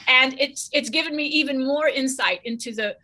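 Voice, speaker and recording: A woman author speaking as an interview guest, friendly and eager, with quick laughs. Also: high voice, bright, forceful tone. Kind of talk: casual chat.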